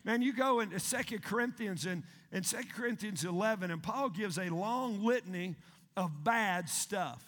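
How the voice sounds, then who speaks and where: A male pastor, preaching a sermon in an animated, emphatic way and asking the congregation questions. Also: high voice, normal speed. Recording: long hall reverb.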